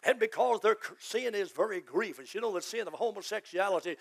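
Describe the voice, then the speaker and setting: A man, a pastor, preaching a fervent sermon that rises to shouts. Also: high voice, expressive, brisk, gravelly.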